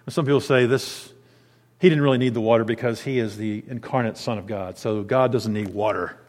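A man preaching a sermon in a lively, conversational way, with dramatic pitch swings. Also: fairly quick, big-room sound. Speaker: pastor.

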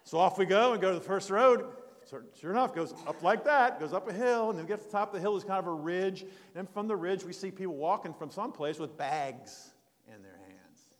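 A man's voice: sits high, brisk, long reverb tail. An older man preaching a sermon in a folksy, rambling storytelling way, with restarts and asides. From United States.

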